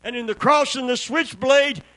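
A man's voice: extremely high pitch, moderate pace, bright, forceful tone, no echo, low-quality recording. A man with a Southern American accent preaching a sermon to a small congregation, calling for responses and telling folksy stories that build to fervent peaks. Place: church before a small congregation.

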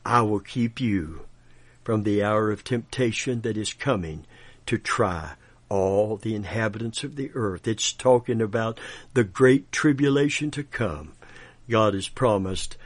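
A man preaching a sermon in a slow, fervent way, often breaking into hallelujahs and soft laughs. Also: fairly low pitch, no echo.

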